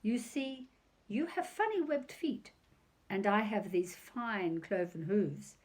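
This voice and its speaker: A woman's voice: medium pitch, expressive, takes it slowly. Woman doing a prim cross cow. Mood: scornful. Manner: scolding, superior.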